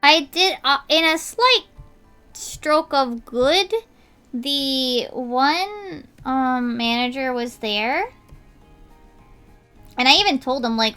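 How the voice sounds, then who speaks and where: A woman's voice: high voice, animated, slow, pauses often, bright, forceful tone, clear, resonant tone, faint music behind. A young woman streamer chatting casually while she draws, telling an indignant story with lots of filler words.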